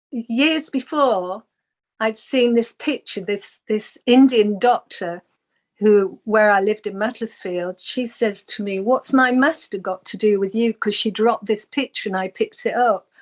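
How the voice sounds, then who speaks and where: A woman's voice: a little high, slow. A woman, a guest on an interview show, earnestly telling a personal spiritual story and acting out the voices she quotes.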